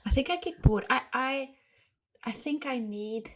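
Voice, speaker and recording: A woman co-hosting a podcast, speaking thoughtfully and haltingly in casual chat. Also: sits high, animated, a bit bright.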